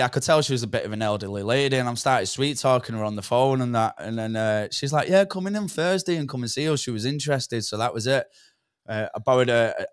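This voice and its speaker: Clear and resonant at medium pitch, this young man's voice comes through in a studio-quality recording with no echo. As a podcast guest, he rambles through a story from his past, peppered with swearing and plenty of "do you know what I mean."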